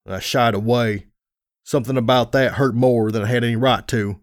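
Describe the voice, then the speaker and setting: A man's voice: mid-range voice, steady tone, moderate pace, dry recording. A man narrates a first-person fan story with earnest, dramatic delivery. His voice sits in a middle range, recorded close and dry.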